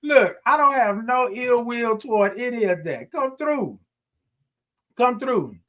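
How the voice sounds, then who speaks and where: Slow and sing-song, his very high, fairly bright voice carries a morning livestream where he chats with viewers casually. He reads their comments back, repeats himself cheerfully, and laughs a lot.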